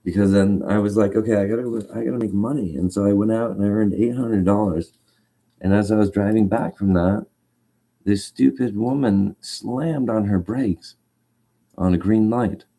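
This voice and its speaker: Man, agitated rambling storyteller; very dark, low-set voice. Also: moderate pace. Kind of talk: casual rant.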